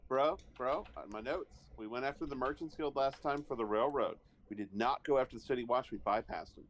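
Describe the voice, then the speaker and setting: A man taking part in a streamed tabletop game, with an ordinary mid-pitched voice. He pushes back firmly and backs up his points by checking his notes. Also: a little fast, a little hiss or hum. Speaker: player. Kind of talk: casual chat during a tabletop game.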